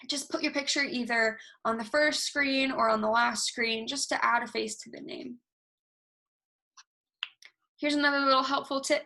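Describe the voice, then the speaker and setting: A young woman presenting a casual online workshop, talking fast and animated, recorded alone over a video call. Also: on the high side, creaky. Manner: self-described fast talker, animated, talks with hands. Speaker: university research workshop presenter. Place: alone, recording herself at a computer. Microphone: recorded through video call software.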